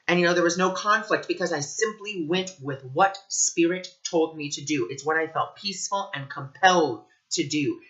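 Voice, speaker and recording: A man giving a casual spiritual talk, earnest and animated, acting out the people in his stories. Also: a little high, lo-fi sound. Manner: earnest, animated storytelling with quoted voices. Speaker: spiritual teacher.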